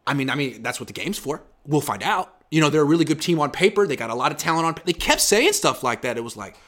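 Young male sports writer guest, animated and bright-toned, acts out quotes in casual chat. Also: fairly high pitch, quick pace. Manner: animated, acts out quoted players with big loud jumps.

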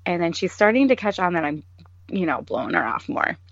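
A woman's voice: fairly low pitch, sing-song, a little fast, vocal fry, no echo. A woman in her thirties co-hosting a podcast, telling a story in casual chat and mimicking others in quoted voices. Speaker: podcast co-host. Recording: dull lo-fi sound.

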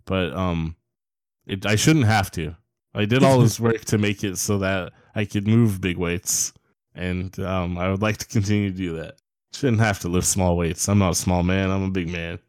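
A man co-hosting a podcast, chatting casually and joking in a deadpan way. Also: low-pitched, normal speed, dry recording, studio quality. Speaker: podcast co-host. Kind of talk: casual chat.

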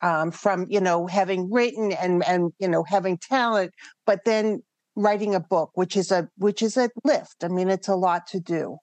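A woman's voice: lowish voice, moderate pace, darkish tone, no echo. A woman interviewer who circles around her questions with restarts and fillers. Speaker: interviewer host. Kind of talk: conversational interview.

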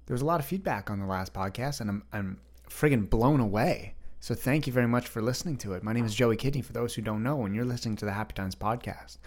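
A man's voice: mid-range voice, fast, few pauses. A young man hosting a solo podcast, chatting freely and rambling straight to his listeners. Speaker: podcast host. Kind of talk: unscripted solo podcast chat.

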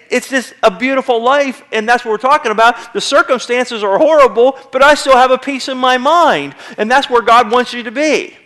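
High-voiced pastor preaching conversationally. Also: male voice, fairly bright tone. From United States. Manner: conversational preaching, acts out little quoted voices. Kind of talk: sermon. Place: church sanctuary.

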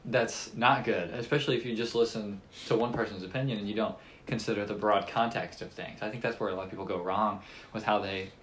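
A young man appearing as a podcast guest, thinking aloud in a halting way and pausing mid-sentence. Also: lowish voice, steady tone, a bit bright, a little hiss or hum, poor audio. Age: young adult. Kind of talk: casual podcast chat.

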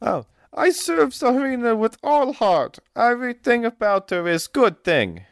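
A woman's voice: fairly high pitch, very animated, a little slow, no echo, clean studio sound, voice pushed up. Man putting on a fussy foreign noblewoman. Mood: evasive. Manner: broken grammar, dramatic and evasive. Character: fussy older noblewoman with thick foreign speech.

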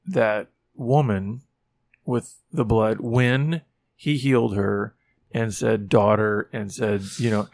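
A man's voice: on the low side, slow, vocal fry, darkish tone, dry recording. A man co-hosting a faith podcast, reflectively retelling a scene in a casual conversation. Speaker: podcast co-host.

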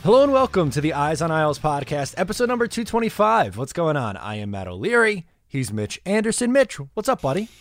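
A man's voice: fairly high pitch, big pitch swings, brisk, hardly any pauses, dry recording. Easygoing young male podcast host, dry sound. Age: 20s. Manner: easygoing, laughs often. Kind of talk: casual chat.

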